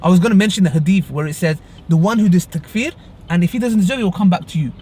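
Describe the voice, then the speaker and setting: A man's voice: high voice, quick pace, mellow, slightly rough. A young man, casually retelling a road argument in a vlog from his car. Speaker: vlogger. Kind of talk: casual storytelling.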